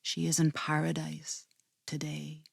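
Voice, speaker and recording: Gentle, coaxing young woman, lower and soft, played by a female storyteller. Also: completely flat delivery, unhurried, creaky, breathy edge, dry recording, studio quality, full character voice. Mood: soothing. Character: Maggie, gentle soothing young woman comforting a grieving father.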